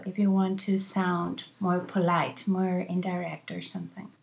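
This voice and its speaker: A woman teaching an English grammar lesson, speaking slowly and repeating example phrases so learners can practise them. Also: on the low side, level tone, gravelly.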